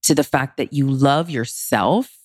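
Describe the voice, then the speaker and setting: A woman with a low voice explains relationship advice in a podcast interview. She talks expressively, jumping up in pitch for emphasis. The sound is dry and close. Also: measured pace, darkish tone, husky, no echo. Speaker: relationship consultant.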